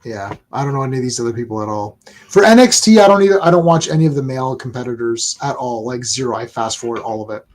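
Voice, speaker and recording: A woman's voice: extremely low pitch, lively intonation, fast talker, a little mellow. A woman co-hosting a casual chat, retelling stories with lots of "I'm like" and laughter. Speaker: podcast co-host.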